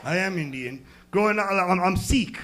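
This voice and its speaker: A young American man doing a crude, rambling stand-up set, jumping from loud bursts to muttered asides. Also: high-pitched, expressive, normal speed. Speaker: stand-up comedian. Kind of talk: stand-up set at an open mic.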